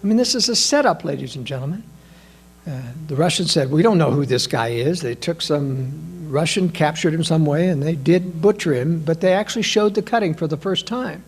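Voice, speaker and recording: A man giving a political analysis talk, emphatic and full of rhetorical questions, addressing listeners as ladies and gentlemen. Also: on the high side, moderate pace, creaky, breathy edge. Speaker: political commentator.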